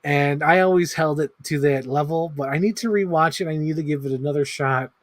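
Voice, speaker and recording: A man's voice: on the high side, a little fast, no room sound. A man in his thirties chatting casually on a livestream as he ranks movies, rambling, swearing freely and filling his talk with "like". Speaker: movie ranking streamer.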